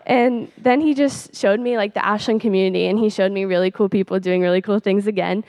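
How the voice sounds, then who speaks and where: A girl in her late teens chattily shares a personal faith testimony, full of "like" and soft little laughs. Her mid-range voice is steady and a little fast, with no room sound.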